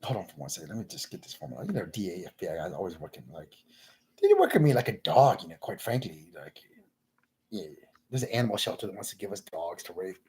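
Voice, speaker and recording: Very husky man rambling to himself. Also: deep voice, sing-song, quick pace, a little mellow. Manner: rambling, keeps addressing the listener as "man". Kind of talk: rambling solo monologue.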